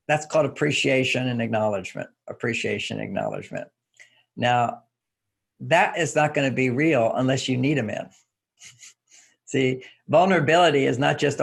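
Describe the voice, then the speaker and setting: An older man, a relationship author, explaining ideas in an interview with relaxed anecdotes and repeated key phrases. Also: mid-range voice, brisk, gravelly, husky.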